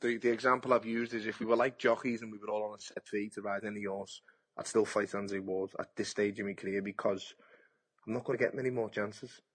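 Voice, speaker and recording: A man's voice: fairly low pitch, flat delivery, a little fast, slightly rough. A man, a boxer talking frankly and bluntly in a casual podcast interview, swearing freely and acting out past conversations. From Britain. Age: 30s.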